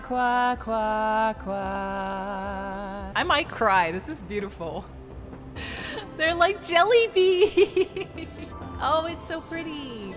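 Woman gamer, lively high voice, slow and playful, sings along over faint game music. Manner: playful, sings and hums along, laughs often. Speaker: gamer streamer. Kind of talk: game play-through commentary.

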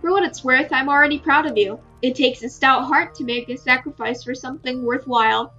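A woman voicing a male Fae nobleman in a visual novel, reading his lines in a gentle, measured, earnest way. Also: high-pitched, lo-fi sound, soft background music, exaggerated voice.

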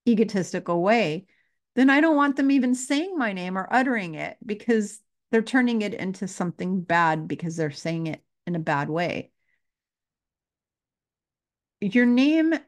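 A woman spiritual teacher talking to her viewers, earnest and repeating her questions. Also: medium pitch. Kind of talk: casual spiritual talk to camera.

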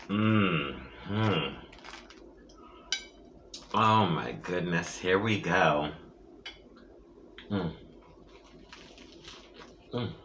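A woman's voice: a bass voice, expressive, very slow, pauses often, slight background noise. A woman chatting playfully to her viewers while eating, cracking jokes and humming over each bite. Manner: playful, joking, savoring bites with long hums. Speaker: mukbang vlogger. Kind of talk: casual eating vlog chat. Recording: roomy echo.

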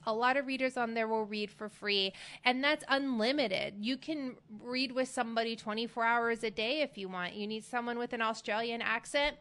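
A woman hosts an advice podcast in a chatty, upbeat manner and pokes fun at herself now and then. Her voice sits a little high and sounds smooth and clear. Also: normal speed, hardly any pauses, bright, forceful tone. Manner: chatty and upbeat, with self-deprecating asides. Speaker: podcast host.

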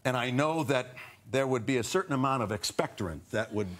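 A man, an actor guest, telling a lively anecdote on a talk show and acting out scenes. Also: medium pitch, brisk, very noisy.

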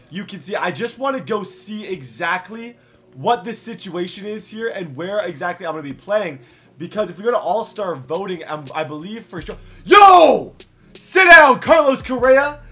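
A young man giving animated gameplay commentary for his video channel, heated and playful with loud outbursts. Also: high voice. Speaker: gaming YouTuber.

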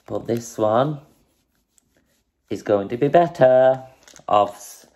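Fitness vlogger, woman, laid-back unhurried delivery, casual swearing, faint background noise. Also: rumbling low, lo-fi sound. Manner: chatty and breezy, swears casually. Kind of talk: casual vlog, showing off products.

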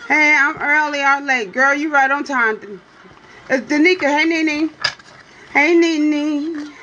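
A woman's voice: fairly even intonation, takes it slowly, bright, forceful tone, lo-fi sound, a little hiss or hum. A woman hosting a casual livestream, talking straight to her viewers in a playful, teasing way and often asking "you hear me?". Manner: drawling, swoops into high exclamations. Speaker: livestream host reading for viewers.

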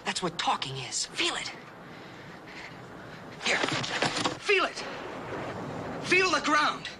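A man's voice: mid-range voice, big pitch swings, close to an everyday voice. A man playing a patient young cowboy teaching signs. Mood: excited. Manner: patient, coaxing, speaks slowly and gently. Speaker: actor in a western TV drama. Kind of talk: 1960s TV drama acting. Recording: noisy vintage TV soundtrack.

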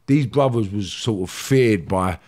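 A man's voice: lowish voice, a little slow, a little mellow. A middle-aged man with a London accent, a podcast guest telling stories in casual talk, swearing freely and acting out what other people said. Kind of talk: casual storytelling.

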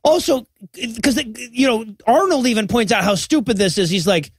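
A man with a high voice recaps a film's plot for a comedy podcast. He swears freely and acts out the characters' lines. The recording is dry and close. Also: normal speed, dry recording. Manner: profane, animated retelling with quoted voices. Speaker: podcast co-host. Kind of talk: comedic movie recap chat.

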